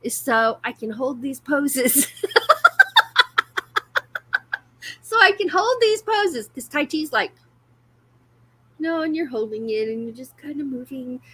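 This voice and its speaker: A woman's voice: a little high, bright, forceful tone. A woman hosting a casual livestream, chatty and often breaking into laughter. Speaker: livestream host.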